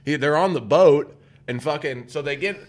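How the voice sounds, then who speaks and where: A man's voice: fairly high pitch, moderate pace. A man hosting a podcast, retelling a cartoon plot in a rambling, profane way. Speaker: podcast host. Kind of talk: casual chat.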